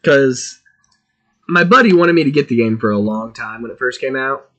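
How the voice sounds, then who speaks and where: Man, gaming stream chatter, casual, excitable, very animated pitch. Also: normal speed, highs cut off. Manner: chatty, excitable, thinking aloud while playing.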